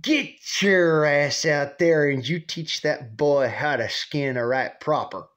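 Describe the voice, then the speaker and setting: A man voicing a bossy, sharp-tongued older grandmother who barks scolding orders in a rural drawl. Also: deep voice, slow pace. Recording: muffled lo-fi recording.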